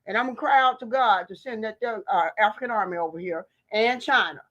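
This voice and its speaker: American woman vlogger, fiery, preachy rant, high voice, muffled lo-fi sound. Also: a little fast, a bit bright. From United States. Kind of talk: impassioned political rant.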